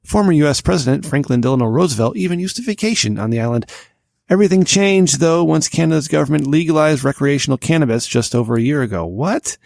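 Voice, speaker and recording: Profane, ranting podcast host with gravelly voice. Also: male voice, on the high side, expressive, quick pace, darkish tone, dry recording, clean studio sound. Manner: profane, mocking rants with mock accents. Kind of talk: casual comedic podcast chat.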